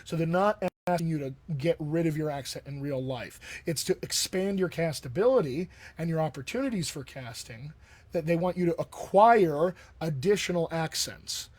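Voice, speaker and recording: A man's voice: on the high side, lively intonation, moderate pace, darkish tone, no room sound. A man working as a dialect coach, talking casually to viewers in a live stream Q&A, with lots of fillers and restarts. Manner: conversational, many fillers and restarts.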